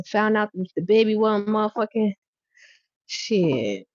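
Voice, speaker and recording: Woman tarot reader, lowish voice, blunt and profane, loud laughter; dull, dry lo-fi capture. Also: moderate pace, no echo. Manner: blunt, profane, laughs loudly and acts out scenes. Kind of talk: casual livestream tarot reading.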